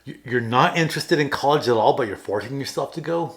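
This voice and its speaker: A man in his thirties chats on a podcast in an easygoing, rambling way. He tells self-deprecating stories full of fillers and restarts, at an ordinary, middle pitch. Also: expressive, fast, crowd noise. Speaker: podcast co-host. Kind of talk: casual chat.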